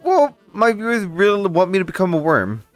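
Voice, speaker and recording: A man co-hosting a casual live-streamed talk show, joking around quickly and reading out viewer comments. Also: high-pitched, huge pitch swings, no room sound, soft background music. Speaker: co-host.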